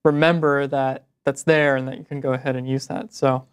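A man co-hosting a web development show, explaining tools in a relaxed way. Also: mid-range voice, a little fast, clear, resonant tone. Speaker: co-host. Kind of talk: casual tech show chat.

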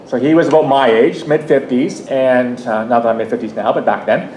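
Recorded in an echoey room with a faint rumble, a Canadian man in his fifties speaks as a guest at a public talk. He recounts a personal story conversationally, often restarting and wandering into asides, in a brisk, darkish, fairly even voice.

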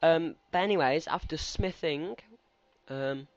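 A man's voice: fairly high pitch, unhurried, no room sound. A teenage man giving rambling, chatty let's-play commentary and talking back to game characters. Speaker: gaming commentator. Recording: slightly muffled lo-fi recording.

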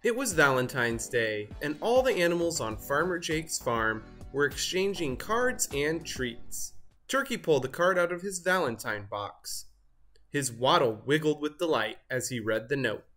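A man reading a children's picture book aloud in an expressive storybook manner. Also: a little high, a little slow, soft background music. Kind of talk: scripted read-aloud narration.

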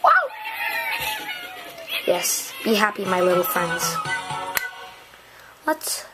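A young woman casually commentating a video game for her channel, goofy and chatty, often yelling a silly catchphrase. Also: mid-range voice, normal speed, loud music behind the voice, poor audio. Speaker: gaming channel host. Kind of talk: casual let's-play commentary.

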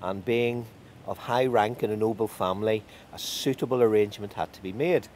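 A man telling a folk tale in a lively, animated way. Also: lowish voice, a little fast, slight background noise. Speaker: storyteller.

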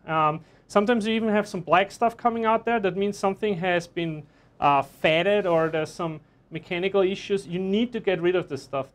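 A man with a fairly high voice talks through a live online cooking lesson from a kitchen. He is chatty and cracks jokes as he explains each step while he works. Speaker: chef instructor.

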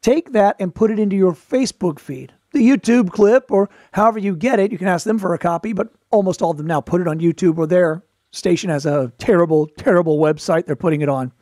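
This is casual advice talk about showbiz from a podcast host and performer with a fairly high voice. His storytelling is laid-back and wry, sprinkled with quick asides and playful put-on voices for quotes, and the recording is close and dry without room sound.

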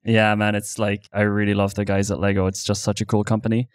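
A man's voice: fairly low pitch, completely flat delivery, fairly quick, dry recording, studio quality. An Irish man co-hosting a podcast, chatting casually in an upbeat, joking way. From Ireland. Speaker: podcast co-host.

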